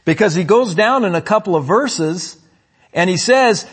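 A man preaching a sermon, calling out "amen?" to the congregation and swinging between loud emphatic lines and low asides. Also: animated, moderate pace, husky. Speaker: pastor.

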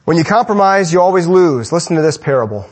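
A young man preaches a sermon to men, hammering home repeated rhetorical questions and swinging between loud and soft before closing in prayer. His voice is a little high, with lively intonation and a quick pace.

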